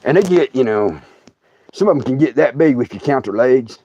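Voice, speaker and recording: A middle-aged man with a drawl spins a comic yarn, laughing as he goes and jumping his pitch all over to play his kin. The sound is dry and a little muffled, like a home stream mic. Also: lively intonation, fairly quick, warm tone, husky, no echo. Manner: folksy, laughing often, acting out relatives' lines. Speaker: storyteller host. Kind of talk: comic storytelling livestream.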